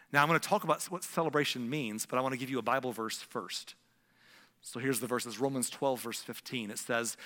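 A man's voice: medium pitch, sharp tone, long reverb tail. A middle-aged man preaching a sermon as pastor, talking conversationally and acting out little scenes in shifting voices.

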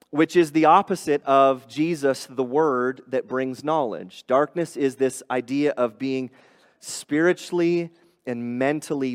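A man's voice: medium pitch, big-room sound. A man preaching a sermon as pastor, earnest and explanatory, often restarting phrases and rising on emphatic points.

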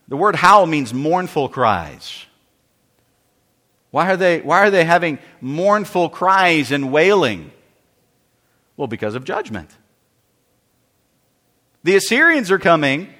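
A pastor preaches a sermon, working through scripture verse by verse and frequently repeating and restarting his phrases. His voice sits a little high, with a bright, forceful tone, and a large hall gives it a long reverb.

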